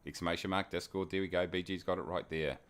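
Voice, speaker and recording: A man's voice: low-pitched, steady tone, fast talker, clear, resonant tone. A man with a New Zealand accent, hosting a flight-sim live stream in casual, jokey chat and greeting viewers by name. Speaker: flight sim livestream host.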